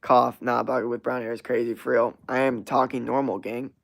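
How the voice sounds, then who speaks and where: This livestream host is a young man who chats loosely and responds to viewers' comments, rambling and swearing with lots of energy and filler words. His mid-range voice moves a little fast and carries vocal fry.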